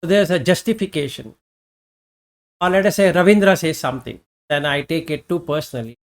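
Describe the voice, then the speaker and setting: A Dhamma teacher offers an informal Buddhist teaching at medium pitch. The delivery is reflective and halting, built around rhetorical questions the teacher then answers.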